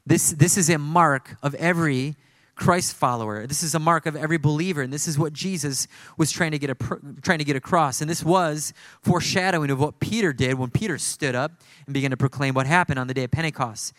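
A male pastor delivers an emphatic, fervent sermon, often circling back to repeat his key phrases. His voice sits a little high for a man, and the sound is close and dry with no room echo. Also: a little fast, fairly bright tone.

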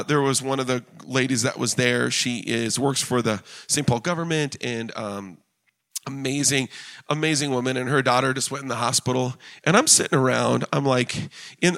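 A middle-aged man preaching a sermon as pastor, telling stories in a conversational way with bursts of excitement. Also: a little high.

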